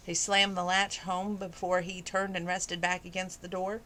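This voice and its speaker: A woman's voice: on the low side, level tone, moderate pace, hardly any pauses, bright, forceful tone, a little hiss or hum. Woman, hobby reader, romance novel, plain reading voice, casual asides. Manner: casual asides with fillers and laughs between passages. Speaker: amateur audiobook reader.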